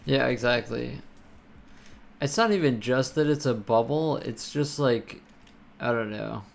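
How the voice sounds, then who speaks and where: A man's voice: medium pitch, measured pace, creaky, a little hiss or hum. A man live-streaming while programming, chatting casually and ranting with lots of swearing and filler words.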